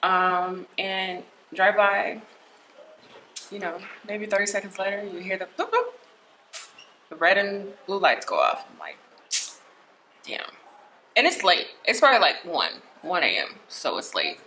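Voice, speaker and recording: A woman's voice: mid-range voice, big pitch swings, normal speed, bright, forceful tone, slight background noise, rough recording. A young woman, retelling a personal experience in a conversational, emotional way with many fillers. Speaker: vlogger. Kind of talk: personal storytelling.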